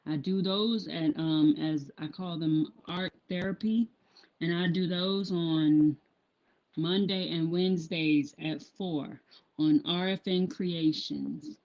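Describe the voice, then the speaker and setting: A woman's voice: on the low side, fairly even intonation, takes it slowly. A woman chatting casually on a live stream about her handmade apparel business, rambling with lots of ums and restarts. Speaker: small business owner vlogging. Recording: dull lo-fi sound.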